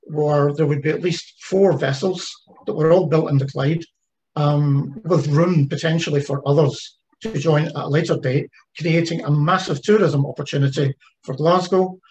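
A man's voice: fairly high pitch, steady tone, moderate pace, a little mellow, a little hiss or hum, rough recording. A man giving an online presentation about a heritage ship project, talking conversationally with frequent fillers and restarts. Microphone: video call.

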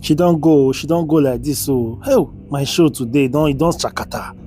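A man's voice: a little high, moderate pace, warm tone, soft background music. A man with a Nigerian accent narrating and acting out a comedy skit as a husband, coaxing and pleading in his asides and dialogue.

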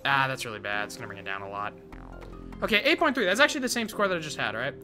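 A man giving casual, excitable gameplay commentary full of gamer slang. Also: medium pitch, racing, soft background music. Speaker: gaming content creator.

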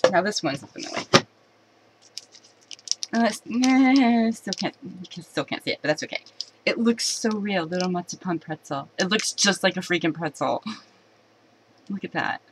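A woman chatting excitedly to camera while unboxing a box of candy at home, giggling and restarting her sentences. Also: on the low side, moderate pace, long pauses, a little hiss or hum, low-quality recording. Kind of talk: casual unboxing chat to camera.

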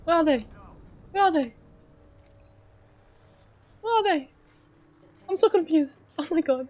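A woman streamer giving excitable live commentary on her gameplay, shrieking and laughing at each moment. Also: very high voice, takes it slowly, muffled recording.

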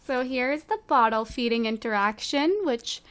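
A woman's voice: on the high side, moderate pace, clean tone. A woman casually commenting as she plays a life-sim game, bubbly and giggly as she gushes over how cute things are. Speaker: let's play host.

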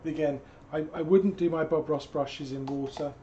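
Man, hoarse, rambling friendly painting demo, slightly high voice, faint background noise. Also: fairly even intonation, moderate pace, mellow, highs cut off. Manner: chatty and digressive, with jokey asides. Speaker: painting instructor. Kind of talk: live-stream painting demo with Q&A.

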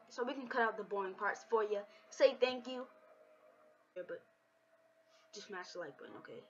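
A woman commentating her video game play with her child, taunting and excitable, slipping into sing-song trash talk. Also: sits high, normal speed, pauses often, slight background noise. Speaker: gameplay commentator. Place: home. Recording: dull lo-fi home recording.

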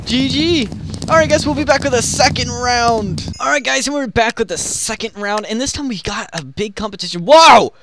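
A man giving excitable gameplay commentary, yelping and trash-talking the other players. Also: extremely high pitch, moderate pace, a little hiss or hum. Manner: excitable, yelps and trash-talks opponents. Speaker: gaming channel host.

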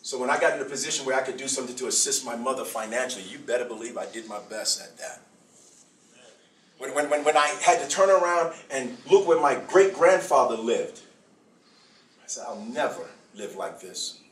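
A middle-aged man, a bishop, giving a speech to an audience in a preaching style. He stresses his points, repeats phrases and uses slow dramatic pauses. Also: medium pitch, animated. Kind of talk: preaching-style public address. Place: event hall before an audience. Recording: echoey hall from far off.

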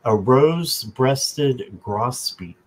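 Slow-talking man hosting a live stream. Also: medium pitch, expressive, low-quality recording. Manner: slow, chatty, talks to viewers by name, jokes. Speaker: tarot reader and channel host. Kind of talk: casual live-stream chat.

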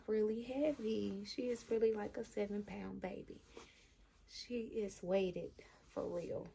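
A woman's voice: medium pitch, dark tone. Awestruck woman whispering to viewers. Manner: breathy, often whispering, gasping and giggling; addresses viewers as "y'all". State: emotional, near tears. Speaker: vlogger. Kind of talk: excited unboxing vlog.

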